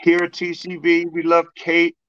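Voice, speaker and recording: Middle-aged male host, animated storyteller; slightly high voice, muffled lo-fi recording. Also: normal speed, slight background noise. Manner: animated storyteller acting out exchanges. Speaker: podcast host. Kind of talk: casual chat. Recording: dull lo-fi sound.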